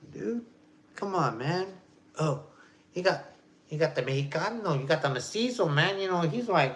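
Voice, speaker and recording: A man in his forties rants casually on a vlog, his fairly high voice very animated at a moderate pace. He rambles and swears, speaking in loose street slang.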